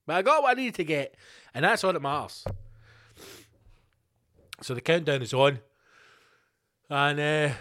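A middle-aged Scottish man hosting a podcast, ranting alone in a sweary, animated, storytelling way. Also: on the high side. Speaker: podcast host. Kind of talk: casual solo rant.

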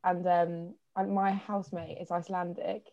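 A woman's voice: on the low side, flat delivery, moderate pace, dark tone, highs cut off. A young woman in casual podcast chat, playful and teasing, laughing often. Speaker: podcast guest.

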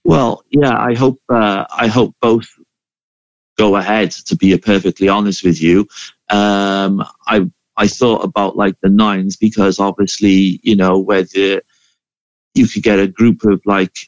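A man's voice: fairly low pitch, fairly even intonation, unhurried, no room sound. A Welsh man calling in to a podcast, talking through his idea thoughtfully. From Wales. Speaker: caller. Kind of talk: phone-in chat. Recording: dull phone-line call.

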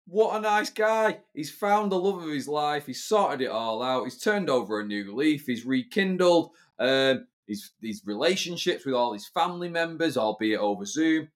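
A man's voice: mid-range voice, expressive, normal speed, hardly any pauses. Chatty British man co-hosting a podcast. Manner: chatty, opinionated, swearing freely. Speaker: podcast co-host. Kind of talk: casual chat.

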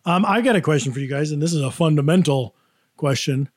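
Higher-voiced man, playful podcast chatter. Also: fast, dry recording, studio quality. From upstate New York. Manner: animated, questioning, playfully indignant storyteller. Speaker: podcast co-host. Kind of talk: casual chat.

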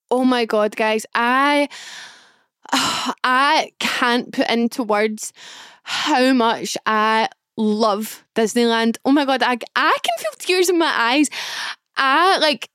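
A woman's voice: fairly high pitch, takes it slowly, fairly bright tone, clear, resonant tone, no echo, clean studio sound. A young woman, chatting alone on her podcast in a gushing, emotional way, full of fillers. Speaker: podcast host. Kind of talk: casual solo podcast chat.

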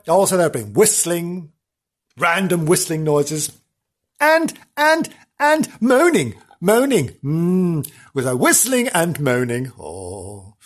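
A man hosting a comedy podcast, telling ghost stories in a camp, theatrical way, full of dramatic "oh"s. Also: a little high. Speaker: podcast host. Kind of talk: comedic storytelling chat.

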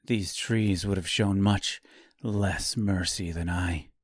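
A cold, stern young woman of the forest, put on by a man reading a dark storybook, speaking low and hushed with a mocking calm. The delivery is slow and unhurried, and the dry recording has no room sound. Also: no echo.

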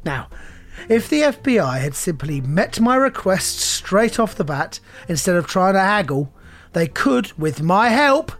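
A man puts on a swaggering, money-hungry detective who sneers at everyone. He pushes the voice up into a loud, animated bluster that swings widely in pitch. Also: unhurried, full character voice. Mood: boastful. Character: arrogant greedy male private detective.

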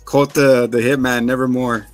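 A man's voice: medium pitch, moderate pace, sharp tone, no echo, faint music behind. A man co-hosting a podcast, recapping an episode in casual chat, joking and acting out scenes in silly voices. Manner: jokey, acts out scenes in voices, swears. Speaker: podcast co-host.

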